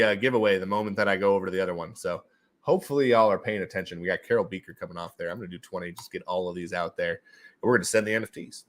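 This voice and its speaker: Hosting NFT giveaways in a laid-back livestream, this man fires off words rapidly in a low, fairly bright voice. He's animated, keeps repeating phrases, and tosses in playful sound effects.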